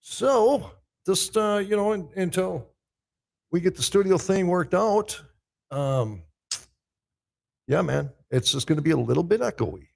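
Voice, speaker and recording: A man's voice: high voice, lively intonation, unhurried, creaky, pauses often. A man hosting a podcast, chatting loosely and profanely to himself and his listeners while he sets up a live show in a big echoey room. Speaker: podcast host. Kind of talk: casual pre-show chat.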